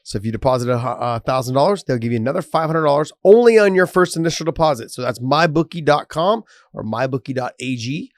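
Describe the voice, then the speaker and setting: A podcast co-host chats loosely about sports, swearing freely and reading a sponsor promo. His medium-pitched voice is animated and fast, with few pauses, recorded in studio quality with no echo.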